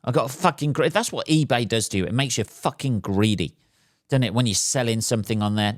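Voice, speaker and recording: A man, a podcast host and stand-up comedian, ranting casually and swearing, swinging between loud outbursts and mutters. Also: mid-range voice, fairly quick, no echo, studio quality. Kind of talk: casual solo podcast rant.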